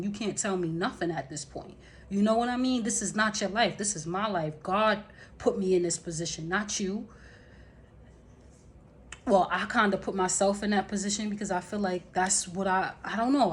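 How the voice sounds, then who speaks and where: A woman's voice: mid-range voice, a little hiss or hum. A woman telling a personal story to her camera in a rambling, unscripted way, with many fillers and restarts. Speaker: vlogger.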